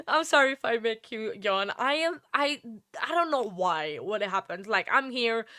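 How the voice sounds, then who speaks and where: Woman host, bright voice, dry close mic, tired, chatty crime-stream commentary. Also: fairly high pitch, animated, normal speed, dry recording. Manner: chatty, rambling, apologetic asides. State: tired, yawning. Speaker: true crime livestream host. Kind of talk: casual commentary on a court livestream.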